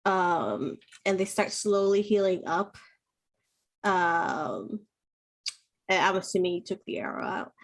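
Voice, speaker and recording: Woman, dungeon master, tabletop game narration, slow pace, frequent fillers. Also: on the low side. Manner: unhurried, with many fillers.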